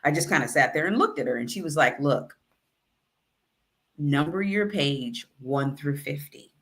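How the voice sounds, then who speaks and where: A woman who works as a writing consultant and author coach, telling a story in a casual, animated way and acting out the dialogue. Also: sits low, measured pace. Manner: animated, acts out quoted dialogue.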